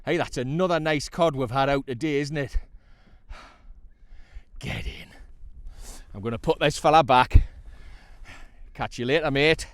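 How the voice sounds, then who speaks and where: A man with a North East English accent talking casually to the camera from a sea kayak while he fishes, chatty and excitable, laughing often and talking to the fish. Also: mid-range voice, moderate pace, clear, resonant tone, no echo. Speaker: kayak angler.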